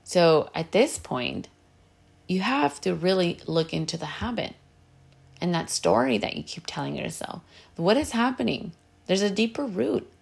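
Low raspy-ish woman giving direct no-nonsense life advice, drops in some spanish. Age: adult with a partner and kids. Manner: earnest, direct, coaching tone; slips into Spanish phrases. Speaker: podcast host giving advice. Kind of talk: casual advice talk.

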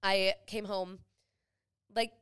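A young woman co-hosting a podcast, a mother telling animated, giggly stories in a casual chat. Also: medium pitch, slow pace, clean tone, no echo, clean studio sound. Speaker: podcast co-host.

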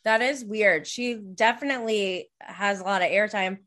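A woman's voice: mid-range voice, moderate pace, a bit bright. A woman hosting a podcast in casual chat, gushing and enthusiastic with frequent giggles. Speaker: podcast host.

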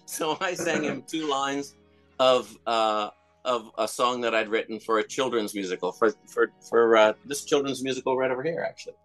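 A middle-aged man talks through an interview in a loose, rambling way, full of ums, uhs and restarts. His voice sits at an ordinary pitch, and faint music hums underneath. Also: moderate pace, a bit bright. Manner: rambling, hesitant, many fillers and restarts. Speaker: interviewee, comedian and songwriter. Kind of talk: casual interview storytelling.

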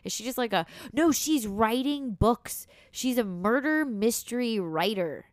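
A young woman co-hosting a casual podcast chat, playful and quick to laugh. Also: fairly high pitch, no room sound, studio quality. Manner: lively, playful, laughs often. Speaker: podcast co-host.

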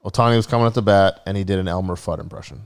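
A male podcast co-host chats loosely, full of fillers and swearing. His voice sits low and he talks at a racing pace.

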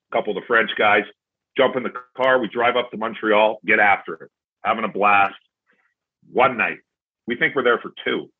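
Guest: forties man, husky and lowish, loose profane storyteller, phone-quality audio. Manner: rambling anecdotes, retells dialogue with "I'm like", profane. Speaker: podcast guest, former pro hockey player. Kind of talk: casual storytelling. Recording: tinny phone-like line.

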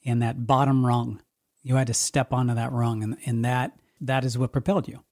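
A man hosting an interview, asking gentle, thoughtful questions in a measured way. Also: mid-range voice, little pitch movement. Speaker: podcast host.

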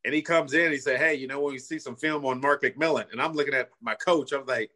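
Speaking at a quick pace, a middle-aged man from California looks back on his football-playing days. His bright, forward voice sits at an everyday pitch, and he talks earnestly and casually, dropping "you know" and "man" throughout.

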